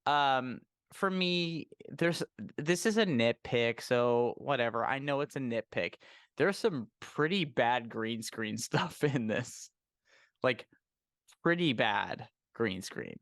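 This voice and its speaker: Man, podcast host, casual movie talk, emphatic, middle pitch, dry close sound. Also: no room sound. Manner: animated, quick to laugh, emphatic.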